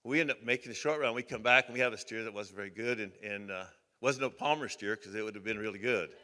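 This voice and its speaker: Older man telling bright, folksy rodeo stories. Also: on the low side, fast. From Oregon. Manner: folksy, rambling anecdotes with many restarts. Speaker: hall of fame inductee giving a speech. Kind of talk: banquet acceptance speech, storytelling. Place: banquet hall. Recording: long hall reverb.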